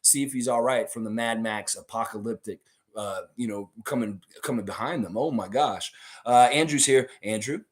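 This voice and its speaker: A young man with a hoarse voice hosting a live stream, rambling animatedly through stories and chat with his viewers. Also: medium pitch, moderate pace.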